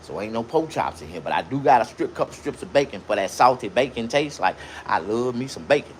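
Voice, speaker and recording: Animated, profane man ranting on a live stream. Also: a little fast, slight background noise. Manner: boastful, profane, rambling, jumps between loud bursts and low mutters. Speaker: livestreamer and shop owner. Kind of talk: casual live-stream rant. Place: indoors in his own shop.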